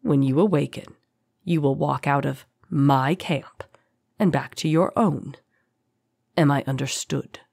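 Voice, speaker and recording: A woman puts on a deep-voiced male rebel leader for a fantasy audiobook. He speaks low, quiet and slow, smooth and courtly with a cold threat. The recording is dry and close. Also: no room sound, exaggerated voice. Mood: eerily calm. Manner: smooth, courteous, soft-spoken.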